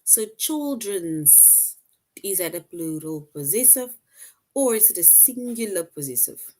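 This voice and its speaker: Woman teacher going over grammar, slow and patient, kinda low voice. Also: animated, warm tone. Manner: slow, patient, reads sentences aloud then quizzes. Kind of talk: online grammar lesson.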